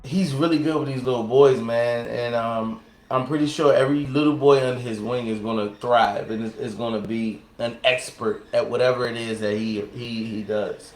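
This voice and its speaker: A man co-hosting a casual chat, talking in a relaxed, rambling way with many fillers and restarts. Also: mid-range voice, normal speed, slight background noise. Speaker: co-host. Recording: echoey room.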